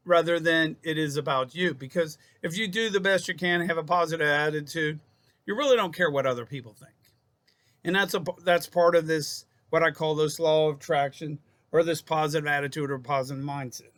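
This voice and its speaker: Bright-voiced man giving self-help advice. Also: fairly high pitch, moderate pace. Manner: rambling, repeats and restarts phrases, addresses viewers as folks. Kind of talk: casual self-help talk to camera.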